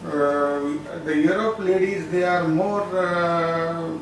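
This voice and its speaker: A man asking questions hesitantly, often pausing with fillers. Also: a little high, steady tone, a little hiss or hum. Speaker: interviewer. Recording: echoey room, mic far off.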